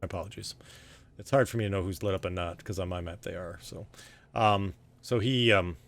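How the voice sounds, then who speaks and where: A man narrating a tabletop game as game master, talking in a relaxed way and pausing with plenty of fillers. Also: deep voice.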